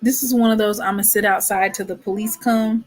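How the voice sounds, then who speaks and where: A woman's voice: medium pitch, steady tone, brisk. A woman giving casual commentary, exasperated and dramatic, dropping into whispered asides. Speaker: commentary vlogger.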